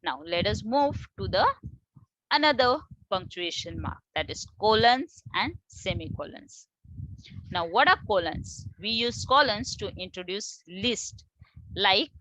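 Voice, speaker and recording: A woman teacher with an Indian English accent, explaining grammar to children slowly and with many repetitions. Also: medium pitch, lively intonation, a bit bright, dry recording, rough recording. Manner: explains slowly, repeats words, addresses children. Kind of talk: online grammar lesson.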